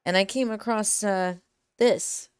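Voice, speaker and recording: A woman's voice: mid-range voice, takes it slowly, clean tone, dry recording, studio quality. A woman playing her character in a tabletop role-playing game, easygoing and with hesitant fillers. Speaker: player.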